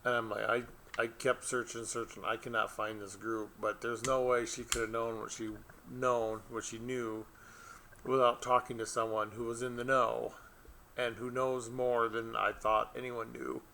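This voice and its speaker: A man's voice: medium pitch, level tone, moderate pace, pushed and bright, a little hiss or hum. A middle-aged man, an author, chatting casually to camera and telling a rambling story with frequent laughs. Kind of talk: casual vlog chat.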